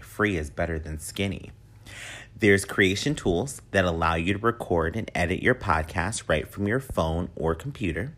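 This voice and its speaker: Deep-voiced playful male podcast host. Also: a bit bright. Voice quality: whiny. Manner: playful, campy and chatty. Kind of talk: solo podcast talk with a read ad.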